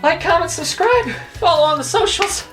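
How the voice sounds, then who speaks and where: A woman's voice: very high voice, lively intonation, moderate pace, faint music behind. A woman movie reviewer ranting through a countdown of bad films, exasperated and profane.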